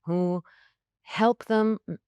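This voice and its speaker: A woman's voice: mid-range voice, fairly even intonation, extremely slow, darkish tone, smooth, dry recording. A woman around sixty, a school leader answering interview questions in an emphatic, direct way with short punchy phrases. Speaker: school academic leader, guest.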